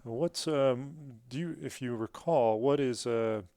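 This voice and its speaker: A man hosting a podcast, asking parenting questions in a relaxed, conversational way. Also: medium pitch, slow, clear, resonant tone, dry recording, studio quality. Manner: relaxed, conversational, says "dude". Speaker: podcast host. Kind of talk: casual interview chat.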